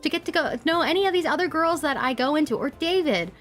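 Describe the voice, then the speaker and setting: A young woman talks casually to her live-stream chat, her voice sitting a little high. She rants with animated energy, laughing often and scattering likes and ums through her sentences. Faint music plays underneath. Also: quick pace.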